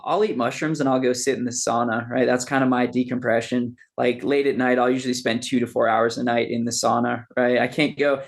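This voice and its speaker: A man with a gravelly, mid-pitched voice tells long stories in a relaxed podcast conversation. He talks loosely and with energy, dropping "dude" and "man" into nearly every thought. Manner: animated storyteller, says "dude" and "man" a lot. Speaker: podcast guest. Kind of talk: casual podcast chat.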